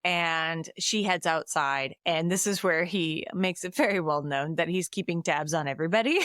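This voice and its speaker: A woman's voice: lowish voice, moderate pace, dry recording, clean studio sound. A woman podcast host casually recapping a movie plot, acting out the characters' lines. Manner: animated retelling with acted quotes.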